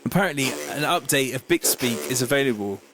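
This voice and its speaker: A man's voice: medium pitch, lively intonation, brisk, noisy background. A man chatting casually and swearing while he makes music and reads viewer comments aloud. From Bristol, England. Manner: laid-back, rambling, swears, reads chat comments aloud. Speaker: music producer hosting a livestream. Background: faint music from the track being made.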